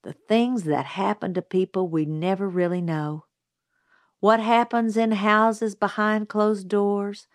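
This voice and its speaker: A woman voicing a wise, kindly older neighbor woman who speaks in a measured, gently firm way. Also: medium pitch, steady tone, no room sound, studio quality, natural voice.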